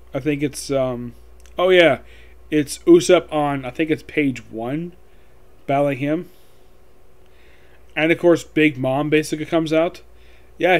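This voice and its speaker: Rambling man recapping a manga chapter. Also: on the high side. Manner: rambling, reads dialogue aloud in quick voices. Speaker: manga reviewer.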